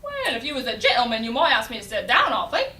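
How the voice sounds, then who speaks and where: A woman reciting as a brash cockney flower girl, loud and defiant, recorded from a distance in an echoey room. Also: a little high, wildly swooping pitch, quick pace, slight background noise, full character voice. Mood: indignant. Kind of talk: recitation in a speech competition.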